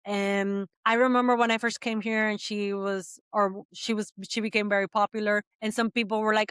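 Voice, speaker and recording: A woman from the Caribbean, a podcast guest, talking in quick, animated bursts full of fillers in casual chat. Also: medium pitch, smooth, no room sound, studio quality.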